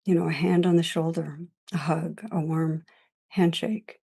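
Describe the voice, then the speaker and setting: Soft-spoken woman giving a dharma talk. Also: sits low, little pitch movement, a little slow, gravelly, slightly rough. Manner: gentle, reflective, laughs often. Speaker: meditation teacher.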